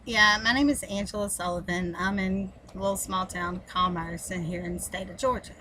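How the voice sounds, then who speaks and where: A woman's voice: medium pitch, steady tone, a little fast, sharp tone, a little hiss or hum, low-quality recording. A woman in her forties telling a personal story, heartfelt and on the edge of tears. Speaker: vlogger sharing a personal story. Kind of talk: earnest personal testimony.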